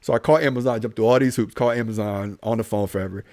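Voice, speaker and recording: A man's voice: lowish voice, fairly even intonation, fast, a little mellow. A young adult man, a police officer, telling a story in a casual podcast chat and acting out both sides of each exchange.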